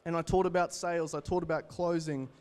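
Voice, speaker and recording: An Australian man in his twenties delivers a motivational talk on stage. His voice sits a little higher than most men's. He tells stories with energy and speaks straight to the room. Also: a little fast, clear, resonant tone. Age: 20s. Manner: energetic, storytelling, addresses the crowd directly. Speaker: keynote speaker. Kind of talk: motivational talk to a live audience.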